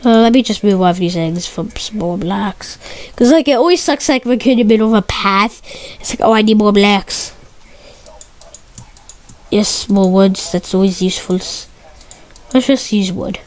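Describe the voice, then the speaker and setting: A gamer with a medium-pitched voice at normal speed gives excitable, stuttery gameplay commentary. She repeats her exclamations and swaps curses for mild words.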